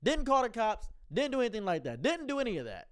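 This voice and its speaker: A man telling a comedic story in a deadpan way, repeating words as he starts sentences and acting out the other people in lower, quieter voices. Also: fast talker.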